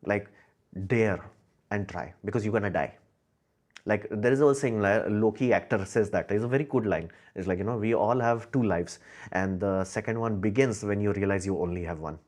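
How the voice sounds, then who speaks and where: A man's voice: on the low side, moderate pace, a little mellow. A young man hosting a casual livestream chat, musing aloud with lots of fillers. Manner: rambling, musing, frequent fillers and laughs. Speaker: livestream host. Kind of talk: casual live chat answering viewers.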